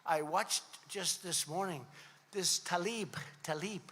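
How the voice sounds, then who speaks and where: A man's voice: high voice, slow, very noisy. Older man giving a rambling, boastful speech in an echoey hall. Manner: rambling, repetitive, boastful, acts out quoted dialogue. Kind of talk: rally-style speech. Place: large indoor hall before a crowd. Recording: echoey hall with a faint crowd.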